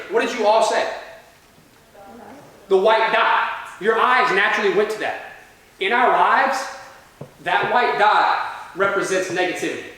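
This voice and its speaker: In a large university lecture room, a motivational speaker tells students a story, checking in with the crowd again and again with "all right?". His voice sits high and is a bit bright, captured from far off in an echoey hall.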